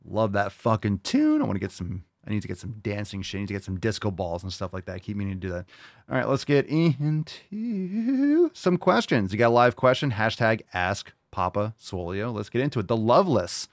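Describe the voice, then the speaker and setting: Blunt, low-voiced fitness host. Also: male voice, lively intonation, fast, hardly any pauses, dry recording, clean studio sound. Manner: coaching, blunt, profane and joking. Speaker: fitness coach and podcast host. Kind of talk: casual podcast chat, answering listener questions.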